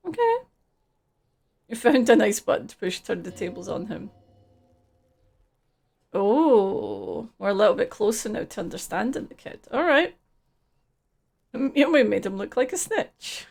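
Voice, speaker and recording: A woman with a gravelly, creaky voice talks through a live gameplay stream. She reads game text aloud in a casual, offhand way. She swears freely between lines. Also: mid-range voice, sing-song, unhurried, pauses often, darkish tone.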